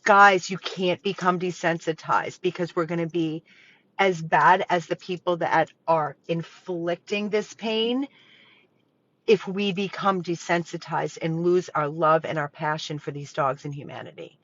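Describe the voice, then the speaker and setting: A woman's voice: on the low side, unhurried, a bit bright, dull audio. A woman who runs a dog rescue, making an emotional, pleading appeal straight to her viewers from the rescue property. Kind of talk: impassioned direct appeal to viewers.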